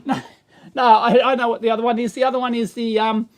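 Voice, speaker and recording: A man's voice: extremely high pitch, steady tone, fairly quick. A middle-aged Australian man hosting a casual electronics livestream, rambling and exasperated, chuckling as he answers the chat.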